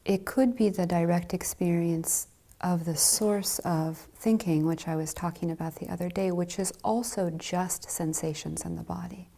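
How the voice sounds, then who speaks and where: A woman giving a dharma talk as a Zen teacher, speaking softly and gently with light laughs. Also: lowish voice, fairly even intonation, normal speed, vocal fry.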